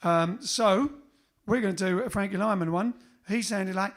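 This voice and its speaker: A man's voice: high-pitched, normal speed, fairly bright tone. A man hosting a band livestream, chatting casually between songs with rambling, joking asides.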